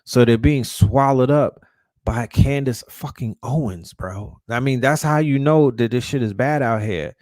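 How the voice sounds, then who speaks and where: A man's voice: mid-range voice, unhurried, darkish tone, no echo, clean studio sound. Heated, profane man ranting. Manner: repeats and restarts words when fired up. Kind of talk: casual rant.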